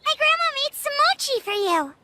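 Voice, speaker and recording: A woman voicing an excitable, cheerful little village girl in an anime English dub, with a squeaky sing-song voice. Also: a little fast, heavily acted. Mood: bubbly. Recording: soundtrack music behind.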